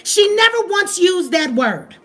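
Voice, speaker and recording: A woman's voice: very high-pitched, very animated, a little slow, fairly bright tone, faint music behind. A woman with an African American English accent giving a profane, heated commentary rant straight to her viewers. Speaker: commentary vlogger. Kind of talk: ranting commentary.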